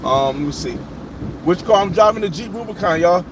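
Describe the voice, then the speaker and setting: A man's voice: high voice, lively intonation, a little fast. A man hosting a casual livestream from his car as he drives, reading out viewer names and talking over the chat. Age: adult. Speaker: livestream host. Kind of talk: casual live chat while driving. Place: inside a moving car. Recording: road and engine noise behind.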